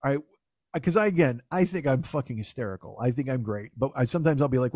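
A man's voice: mid-range voice, lively intonation, fast talker, a little mellow, no room sound, clean studio sound. A man hosting a podcast in casual comedic banter, with sarcastic, profane rants. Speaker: podcast host.

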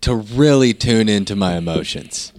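A man's voice: lowish voice, animated, moderate pace, darkish tone. A man co-hosting a podcast in casual chat, laid-back and swearing freely. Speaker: podcast co-host.

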